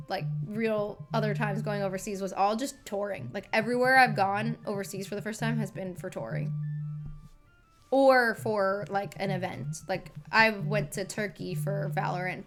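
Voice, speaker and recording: A woman's voice: medium pitch, normal speed, a bit bright, soft background music. A young woman, a singer, chatting casually on a live stream into a desk microphone, rambling with lots of filler words.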